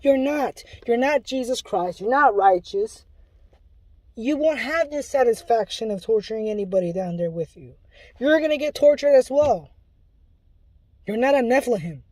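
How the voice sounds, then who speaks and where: A man's voice: very high-pitched, expressive, moderate pace, darkish tone, no echo. A man delivering an impassioned spoken warning, pleading and urgent in a preachy way, often restarting his sentences. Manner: rambling with restarts. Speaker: self-described Luciferian giving a testimony.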